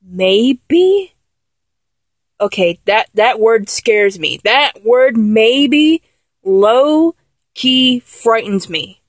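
A woman's voice: a little high, animated, drawn-out words, no echo, exaggerated voice. A woman playing a flustered young lover who keeps trying and failing to act dominant, in a comedic audio role-play, talking in an exasperated, self-correcting way.

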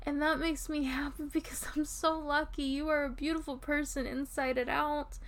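Woman voicing a drunk doting girlfriend, high voice, gravelly fry, soft rambling, audio role-play. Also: flat delivery, moderate pace. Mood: tipsy affectionate. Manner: rambling, giggly, soft and intimate. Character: tipsy affectionate young girlfriend, rambling and sweet.

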